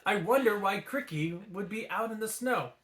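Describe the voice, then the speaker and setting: A man's voice: high voice, normal speed, a bit bright, pitched above the performer's own voice. A man voicing a brave, caring young woman in a storybook, speaking earnestly, recorded in an echoey room.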